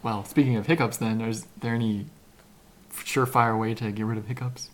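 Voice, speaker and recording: A woman's voice: very deep voice, steady tone, a little fast, a little hiss or hum. A woman co-hosting a casual podcast who keeps asking the guest curious questions. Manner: curious, asks the questions, laughs. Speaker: podcast co-host.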